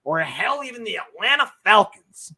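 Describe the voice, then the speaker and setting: A man's voice: high-pitched, very animated, moderate pace, sharp tone, breathy edge. Brash, hyped-up sports show host man. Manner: brash, hyped, swears freely; reads and answers viewer comments. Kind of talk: live-streamed football talk show. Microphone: webcam setup.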